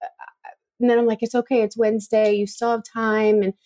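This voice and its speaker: Chatty middle-aged woman, slightly high voice. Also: level tone, a little fast, mellow. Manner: chatty, emotional, lots of fillers. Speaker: podcast co-host. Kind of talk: casual chat.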